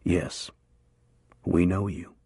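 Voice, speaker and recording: A man voicing a cold, hooded male gunman who speaks low and quietly with menace. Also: fairly even intonation, drawn-out words, slightly rough, no room sound, clean studio sound, full character voice.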